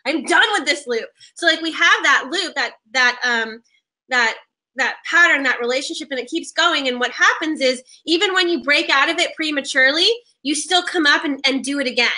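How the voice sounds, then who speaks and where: A woman hosting a loose spiritual conversation, her voice high and piercingly bright. She talks in an animated way, restarts her sentences often and swears casually. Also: fairly quick. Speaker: podcast host.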